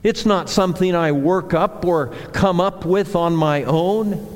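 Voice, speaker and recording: A man preaching a sermon as a pastor, slow and deliberate, building emphasis through repeated phrases. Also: sits high. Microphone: handheld or clip mic that slipped. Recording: long hall reverb.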